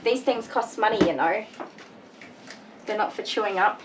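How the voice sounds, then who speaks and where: Woman groomer, casual chatty talk, laughs a lot, sharp little scolds, loud clipper buzz behind. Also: medium pitch, normal speed, very noisy. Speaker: dog groomer. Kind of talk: casual grooming vlog chat. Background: electric clippers buzzing.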